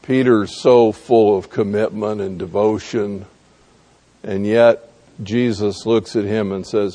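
Low-voiced preacher acting out scripture. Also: male voice, fairly even intonation, takes it slowly, warm tone. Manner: dramatic, acts out dialogue. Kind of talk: sermon.

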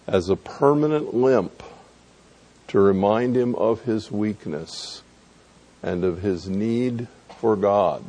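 A man's voice: lowish voice, mellow. A man preaching a sermon who acts out the dialogue of scripture scenes in a dramatic way.

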